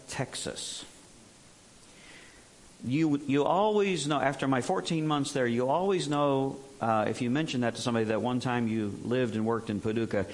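A man in his sixties preaching a folksy, humorous sermon as a missionary, full of rhetorical questions. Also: mid-range voice.

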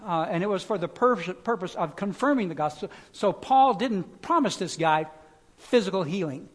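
A man's voice: sits high, animated, moderate pace. Man preaching a casual, conversational sermon. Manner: conversational preaching with fillers and repetitions. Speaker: pastor.

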